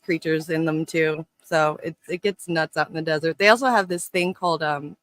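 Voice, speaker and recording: A man's voice: fairly high pitch, steady tone, moderate pace, a bit bright, no room sound. A man co-hosting a casual political chat, swearing freely and laughing often. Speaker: co-host.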